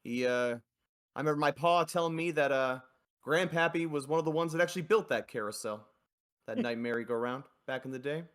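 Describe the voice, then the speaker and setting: A man's voice: medium pitch, brisk, a bit bright, clear, resonant tone, natural voice. A man doing a folksy village father. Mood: reminiscing. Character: protective local father, folksy. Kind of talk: tabletop role-play.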